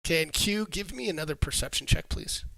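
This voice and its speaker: A man running a tabletop game as game master, narrating scenes in a halting way that repeats words. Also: a little high, animated, vocal fry, sharp tone, no echo.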